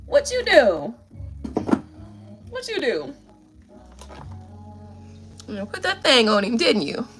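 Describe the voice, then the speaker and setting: Sassy, lively woman tarot reader. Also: on the high side, takes it slowly, long pauses, soft background music. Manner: sassy, playful, full of slang. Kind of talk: casual tarot reading.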